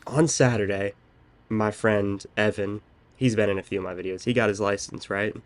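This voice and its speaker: Low-voiced young man telling a rambling story. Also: steady tone, normal speed. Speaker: podcast host. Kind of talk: casual chat.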